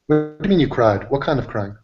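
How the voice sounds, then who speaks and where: A man's voice: mid-range voice, lively intonation, fast talker, over music. A man hosting a casual livestream chat, joking and asking his guests questions. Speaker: livestream host. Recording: dull lo-fi stream audio.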